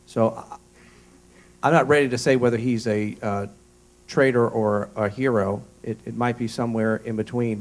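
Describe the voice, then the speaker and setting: A man answering as a candidate at a forum, measured and hedging, stammering at the starts of sentences. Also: fairly low pitch, a little mellow. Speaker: congressional candidate.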